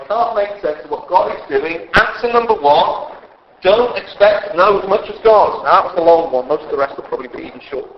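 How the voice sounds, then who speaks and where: A man preaching a sermon in a church hall, lively and conversational, acting out quoted voices. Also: high voice. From England. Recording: dull lo-fi sound with faint background hiss.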